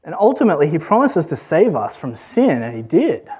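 Aussie guy preaching, kinda husky, slightly high voice, chatty and earnest. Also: big pitch swings, a little fast, a little mellow. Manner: earnest, conversational, asks rhetorical questions. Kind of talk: sermon.

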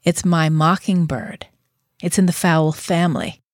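A woman's voice: on the low side, a little slow, dry recording, clean studio sound. Breezy woman radio host with a Boston accent. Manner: upbeat, breezy and chatty. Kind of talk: casual radio sign-off chat.

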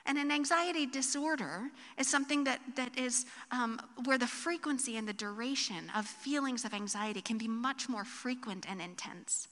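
High bright woman pastor preaching. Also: normal speed, hardly any pauses, in a large hall. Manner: conversational, tag questions and animated storytelling. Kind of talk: sermon. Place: church sanctuary.

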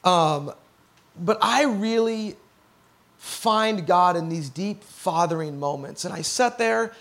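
A man's voice: high voice, slow, vocal fry, a bit bright. A man in his thirties, a pastor preaching a chatty, emotional sermon in church. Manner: conversational and emotional, with a lot of laughter.

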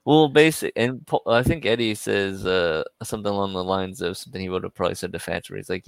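A man's voice: low voice, fast, gravelly, few pauses, smooth, dry recording. A man from the American Midwest, co-hosting a casual movie-review chat in a rambling way and laughing often. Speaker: podcast co-host.

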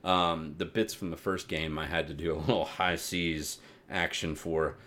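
A man co-hosting a podcast, chatting casually and getting animated as he retells a game story, swearing freely. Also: extremely low pitch, normal speed. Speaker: podcast co-host. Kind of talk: casual chat about games and anime.

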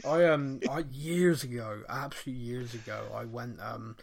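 A man with a Bristolian accent telling a story in casual chat, animated and laughing often. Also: medium pitch, moderate pace, gravelly, slight background noise.

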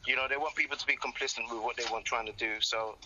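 A man talking casually on a podcast in a laid-back, slangy way. His speech is outspoken, and a clear hiss runs under the recording. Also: medium pitch, fairly even intonation, fast talker, dull audio. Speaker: podcast co-host. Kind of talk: casual chat. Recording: noticeable background hiss.

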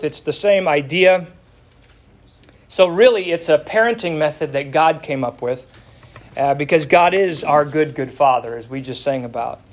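A middle-aged man teaching an adult Bible class, telling a family story in a folksy way and stressing key words. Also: on the high side.

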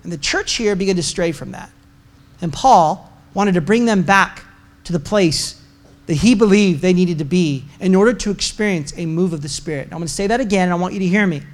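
A pastor preaching a sermon to his congregation, conversational and joking, with emphatic repetition. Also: sits high. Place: church service before a congregation.

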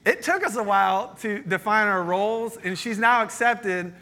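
A man's voice: high-pitched, moderate pace. A man in his thirties preaching a sermon as pastor, joking and telling stories. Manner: storytelling, joking, animated. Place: church meeting space.

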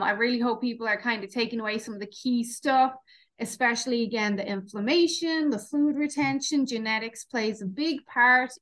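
A woman's voice: a little high, a bit bright. Irish woman hosting a podcast. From Ireland. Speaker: podcast host. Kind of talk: casual podcast interview.

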